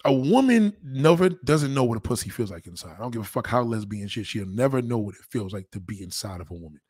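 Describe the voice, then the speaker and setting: Man, casual profane monologue, crude and animated, dry close sound. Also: medium pitch, husky, no echo. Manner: blunt, crude, rambling, talks fast.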